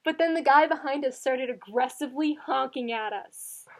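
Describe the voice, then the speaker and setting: A woman's voice: sits high, moderate pace. A young woman telling rambling stories in a casual chat with a friend. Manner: chatty storyteller, rambling tangents. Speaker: co-host.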